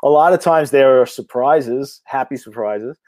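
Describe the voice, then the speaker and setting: A man, an independent filmmaker, talking in a casual interview. He is blunt and energetic, swears freely and rambles with restarts. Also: medium pitch, measured pace, dry recording. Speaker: indie horror filmmaker.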